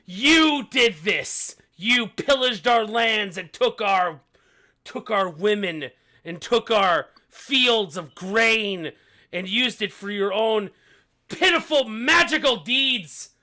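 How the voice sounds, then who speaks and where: A man voicing an angry, proud human king in a tabletop game, shouting accusations. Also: high voice, expressive, takes it slowly, pitched above the performer's own voice, full character voice. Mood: furious.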